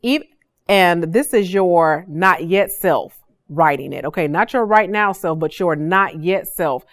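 A woman hosting a faith-based podcast, telling stories in an animated, preacherly way. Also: lowish voice, measured pace, no room sound, studio quality. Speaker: podcast host.

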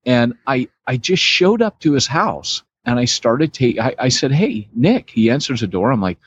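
A man co-hosting a podcast, telling a rambling, self-mocking story with quick laughs. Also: medium pitch, sing-song, husky, no echo. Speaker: podcast co-host. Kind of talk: casual storytelling podcast chat. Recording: dull, dry lo-fi sound.

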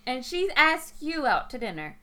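High, lively woman co-host who talks fast and needles her partner with a laugh. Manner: teasing, insistent, laughs often. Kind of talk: casual chat.

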